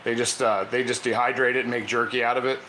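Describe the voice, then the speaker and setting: A man's voice: mid-range voice, flat delivery, quick pace, sharp tone, reverberant, a little hiss or hum, poor audio. A man hosting a casual cooking stream, chatty and laughing often as he coaxes his dog through tricks. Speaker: cooking channel host. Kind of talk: casual live cooking chat.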